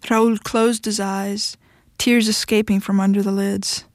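A woman's voice: mid-range voice, level tone, measured pace, no echo. Woman narrating a short story.

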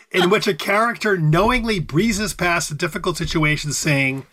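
A man's voice: high voice, moderate pace, pushed and bright. A man co-hosting a casual chat about word origins, reading facts aloud and musing on them. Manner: chatty, reads facts aloud and muses on them. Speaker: podcast co-host.

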